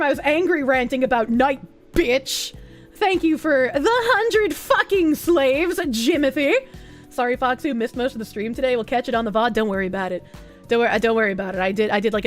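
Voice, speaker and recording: A woman streamer giving loud, profane, casual commentary as she reacts to a movie, laughing often between rants. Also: a little high, moderate pace, faint music behind.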